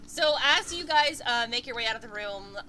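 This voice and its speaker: A woman narrates a tabletop game as game master in a chatty, animated way, filling gaps with "uh" and "like." Her tone is bright and sits a little high. Faint background noise runs under the recording. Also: brisk, low-quality recording.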